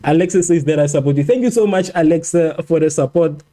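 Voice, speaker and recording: A man's voice: a little high, fast talker, warm tone. A man hosting a live football watchalong, reacting to the match and arguing with viewers in the chat while repeating himself. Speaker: livestream host.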